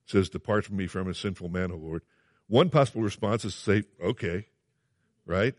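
A man's voice: deep voice, fast, darkish tone, no echo, studio quality. A man preaching a sermon, earnest and emphatic, repeating phrases and asking his listeners questions.

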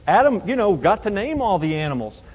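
A man's voice: high-pitched, big pitch swings, a little fast, breathy edge, in a large hall, poor audio. A man teaching a Bible passage verse by verse, emphatic and explanatory, often asking rhetorical questions.

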